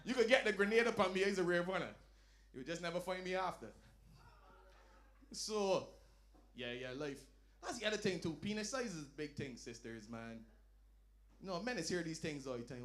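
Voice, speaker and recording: A man performing a stand-up comedy set, telling loud, animated stories and dropping into low asides. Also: moderate pace, pauses often. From Barbados. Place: lounge comedy night.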